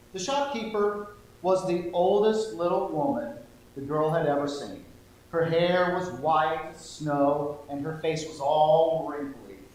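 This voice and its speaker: Playful man leading an interactive story. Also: fairly high pitch. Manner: playful and animated, coaxing the crowd to join in. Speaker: lay speaker telling a children's story. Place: church sanctuary. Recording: echoey church hall, faint hum.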